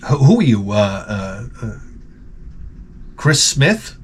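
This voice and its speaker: A man's voice: fairly low pitch, sing-song, slow pace, a little hiss or hum. A man hosting a crude advice show, reading viewer letters and answering in a blunt, rambling, profane way with many restarts. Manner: reads viewer letters aloud and then reacts to them. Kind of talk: crude comedic advice monologue.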